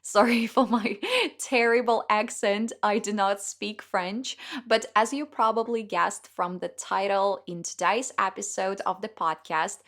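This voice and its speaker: A young woman with Russian as her first language, hosting an English-learning podcast in a clear, upbeat, deliberate way. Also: mid-range voice, steady tone, a bit bright. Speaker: English teacher and podcast host. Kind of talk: scripted podcast monologue.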